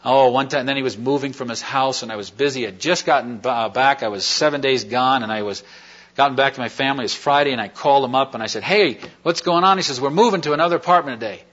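Male preacher, mid-pitched, folksy rambling storyteller, dull lo-fi tape. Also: fast talker, a bit bright. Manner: rambling, folksy, with many fillers and restarts. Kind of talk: sermon testimony, conversational storytelling. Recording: dull lo-fi recording.

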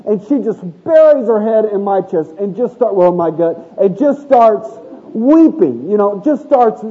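Man, preacher, high voice, conversational sermon, asks the room questions, tinny narrow sound. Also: expressive, a little slow, mellow, breathy edge. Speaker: pastor. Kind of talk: sermon with audience interaction. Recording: thin phone-like audio.

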